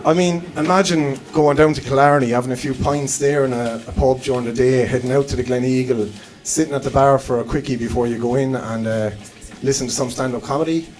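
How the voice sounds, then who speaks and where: A man's voice: mid-range voice, fairly even intonation, brisk, hardly any pauses, darkish tone, rough recording. Man in his late twenties, Cork Irish accent, stand-up comedian, chatty, sweary. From Ireland (Cork). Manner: chatty, self-deprecating, swears freely. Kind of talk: live stand-up comedy set.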